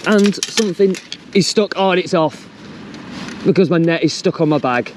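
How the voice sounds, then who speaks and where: A man's voice: high-pitched, normal speed, pauses often, a little hiss or hum. A young man fishing on a riverbank outdoors, chatting casually and jokily as he explains his method and cheers when he hooks a fish. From England. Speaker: fishing vlogger. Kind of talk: casual instructional chat.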